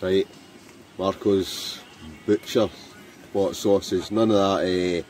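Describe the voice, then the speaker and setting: A man with a Scottish accent chatting casually with friends while cooking at a wild camp, animated and joking. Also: sits low, slow pace, a little hiss or hum. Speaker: vlogger, wild camper. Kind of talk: casual camping vlog chat. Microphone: handheld camera.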